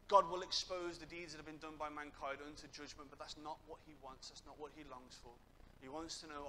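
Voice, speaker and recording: An impassioned young man preaches with a bright, forceful voice, pitched a little high. He builds to loud, emphatic peaks, over a faint hiss in the background. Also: poor audio. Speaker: guest preacher. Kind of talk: sermon.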